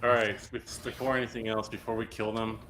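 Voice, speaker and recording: A man's voice: on the low side, little pitch movement, a little fast, background noise. A man playing in a tabletop game, talking casually, eager and insistent, often stumbling over his first words. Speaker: player.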